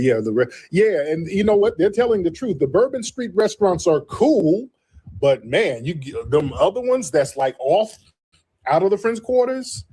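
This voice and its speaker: A man's voice: a little high, warm tone, husky, rough recording. Slangy, rambling man hosting a stream. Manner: slangy, rambling, repeats himself. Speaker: live-stream show host. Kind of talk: casual live-stream chat.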